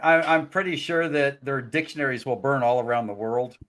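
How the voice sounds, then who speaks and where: A man's voice: medium pitch, brisk, a bit bright. A man hosting a live stream chat, joking and laughing at his own lines, heard over a video call. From United States. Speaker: host.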